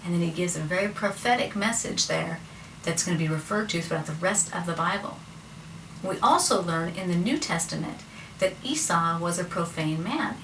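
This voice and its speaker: A woman's voice: fairly low pitch, moderate pace, a bit bright. Woman telling Bible stories casually. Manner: conversational, chatty asides. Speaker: Bible storyteller. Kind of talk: casual storytelling. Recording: roomy, distant mic, faint noise.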